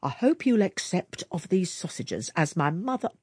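A woman voicing a good-humoured husband who speaks calmly and teases a little. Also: fairly low pitch, moderate pace, slightly rough, no room sound, clean studio sound. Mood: easygoing.

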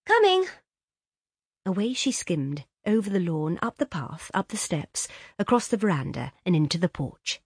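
A woman narrating a classic short story in an expressive, lilting way. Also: lowish voice, normal speed, slightly rough, dry recording, clean studio sound. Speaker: audiobook narrator. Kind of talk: scripted narration.

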